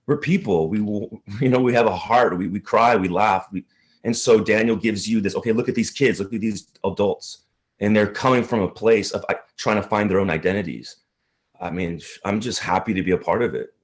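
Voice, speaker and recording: A male actor being interviewed, speaking earnestly and haltingly. He tends to get emotional as he talks. His voice sits fairly low.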